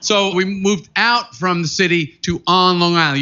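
A man from New York doing a stand-up comedy set on a club stage, animated and mock-exasperated. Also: sits high, brisk, hardly any pauses. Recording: muffled live club recording, noisy.

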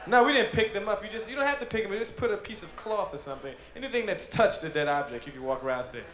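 A man performing stand-up comedy, telling animated, profane stories. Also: high voice, racing, reverberant. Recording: live club recording with loud crowd laughter.

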